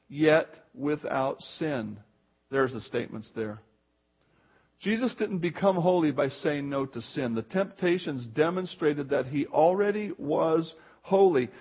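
A man's voice: a little high, husky, muffled recording. A man preaching a sermon, mixing scripture reading with casual storytelling. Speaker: pastor.

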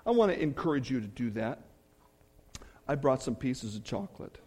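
A man's voice: mid-range voice, big pitch swings, moderate pace. A male pastor preaching a sermon in church, earnest, leaning hard on key phrases.

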